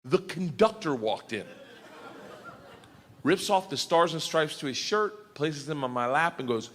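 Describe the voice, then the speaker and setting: A man doing stand-up storytelling, loud and excitable, swearing and building to shouts, on a roomy stage with audience noise. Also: a little high, unhurried. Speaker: comedian.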